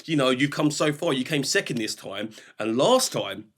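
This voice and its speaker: Man, thirties, guest, lively swooping delivery, laughs a lot, acts out reactions. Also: medium pitch, moderate pace. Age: 30s. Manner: animated storyteller, laughs often, acts out his own reactions. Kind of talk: casual chat.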